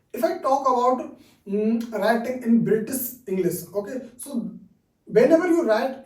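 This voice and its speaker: A man teaching an online English lesson. He drills words slowly and keeps checking in with "okay?". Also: very high voice, darkish tone, echoey room, recorded from a distance, rough recording.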